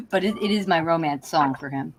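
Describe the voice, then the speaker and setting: A woman's voice: lowish voice, sharp tone, a little hiss or hum, low-quality recording. A woman on a video call, telling a funny family story with lots of laughter. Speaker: participant in a friends' video chat. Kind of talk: casual chat.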